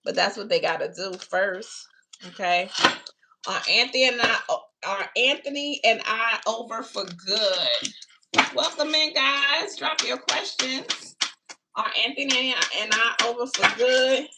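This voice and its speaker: Slow-talking woman reading tarot live. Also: fairly high pitch, heavy background noise. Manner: calls viewers baby and honey, unhurried and chatty. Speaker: tarot reader taking live questions.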